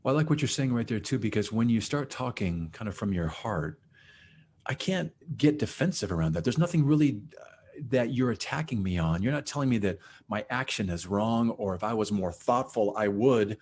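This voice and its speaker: A man's voice: lowish voice, animated, moderate pace, a little mellow, husky. Reflective man hosting a podcast. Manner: reflective, thinks aloud with many "kind of" and "you know". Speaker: podcast host, psychologist. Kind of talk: conversational interview.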